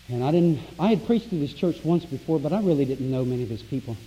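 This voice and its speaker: Man, pastor, emphatic sermon, very dark mellow voice, long church reverb, dull lo-fi sound. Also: medium pitch. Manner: emphatic, rising to loud exclamations. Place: church sanctuary.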